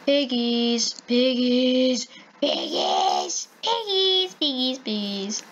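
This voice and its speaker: A chatty, excitable woman narrates her own gameplay, calling out to animals in sing-song baby talk. Her voice sits a little on the high side. A faint hiss runs under the recording. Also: extremely slow, muffled recording. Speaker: gaming channel host. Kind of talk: playful gameplay commentary.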